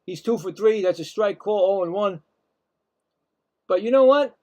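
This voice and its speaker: High-voiced guy doing live play-by-play, gets fired up and talks to chat. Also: normal speed. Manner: excitable, rants at calls and chats to viewers. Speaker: play-by-play host of a streamed game.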